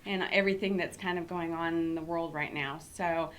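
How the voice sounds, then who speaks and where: A woman's voice: fairly low pitch, fairly even intonation, a little fast. A middle-aged woman hosting a casual talk show, chatty and upbeat, with many fillers. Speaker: show host and company CEO.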